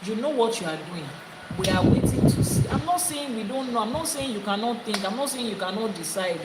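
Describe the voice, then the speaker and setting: A woman's voice: on the high side, expressive, a little fast, reverberant, long reverb tail, heavy background noise. A woman, a priestess giving a spiritual teaching talk, stressing her points by repeating phrases. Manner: emphatic, repeating phrases for effect.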